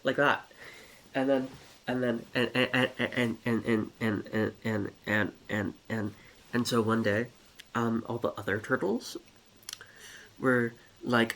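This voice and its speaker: A man's voice: medium pitch, steady tone, takes it slowly, fairly bright tone. A man telling a rambling, comedic story in a scatterbrained way, with giggles and many restarts.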